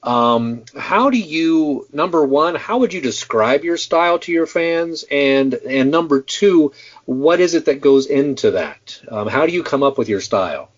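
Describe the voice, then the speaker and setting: A man's voice: fairly high pitch, lively intonation, a little slow. Stammery chatty host guy, 40s, mid voice, kinda muffled audio. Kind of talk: casual interview chat. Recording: dull lo-fi sound.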